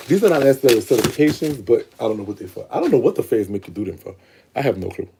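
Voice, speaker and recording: A young vlogger from Louisiana chats casually with his viewers, swearing and laughing, recorded close on a phone or webcam. His voice is lowish and sing-song, and he talks at a racing pace. The background is noisy.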